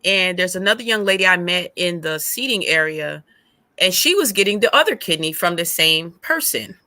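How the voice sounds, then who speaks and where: A woman guest on a faith podcast, retelling a hard stretch of her life as an animated storyteller who acts out past conversations. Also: on the low side, moderate pace. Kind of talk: emotional personal testimony.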